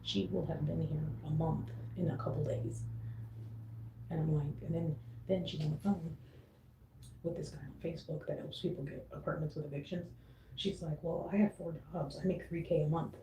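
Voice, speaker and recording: A woman's voice: low voice, fairly even intonation, moderate pace, warm tone, slight background noise, rough recording. A young woman venting on a casual vlog, frustrated and swearing freely as she mimics her roommate. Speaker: vlogger. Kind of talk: venting to camera.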